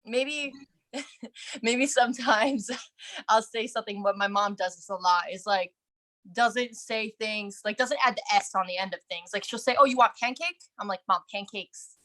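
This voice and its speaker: A woman's voice: medium pitch, steady tone, a little slow, a bit bright. A young woman from New Jersey with a New Jersey accent, chatting casually on a livestream with laughing asides. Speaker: real estate agent, guest. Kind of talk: casual group chat.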